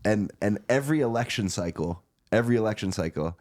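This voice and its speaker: A man's voice: lowish voice, expressive, fast talker, darkish tone. A young man in his twenties, a podcast guest telling rambling, joking anecdotes. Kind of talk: casual podcast chat.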